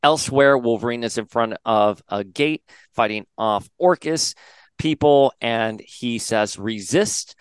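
A man's voice: medium pitch, unhurried, clear, resonant tone, no room sound. A man hosting a podcast, casually recapping a comic story and paraphrasing the characters' lines in a chatty way. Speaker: podcast host.

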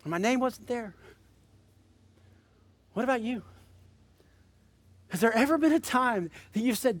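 A high-voiced man preaches to his congregation. He tells a story with animated, climbing energy and then eases into a soft, earnest prayer. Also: a little fast, pauses often, no room sound. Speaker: pastor. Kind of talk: sermon with storytelling and altar call.

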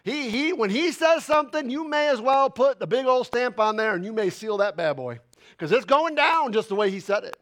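Pastor guy preaching hard, kinda high voice, gets loud then drops real quiet. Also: expressive, normal speed. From Italian heritage. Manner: fervent, loud preaching with sudden quiet asides. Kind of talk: sermon.

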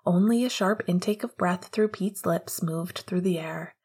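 A woman narrating an audiobook chapter in a steady, measured storytelling voice. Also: fairly low pitch, husky. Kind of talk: audiobook reading of fan fiction.

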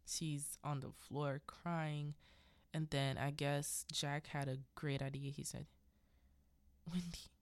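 A woman's voice: deep voice, flat delivery, slow pace, clean tone, no echo. A woman hosting a podcast who recaps a film in a casual, rambling way, full of unsure asides. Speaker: podcast host.

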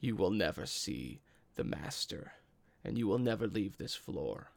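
A man voicing a menacing fire newt monster in a tabletop game, speaking low and ominously. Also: sing-song, measured pace, vocal fry, heavily acted. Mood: threatening.

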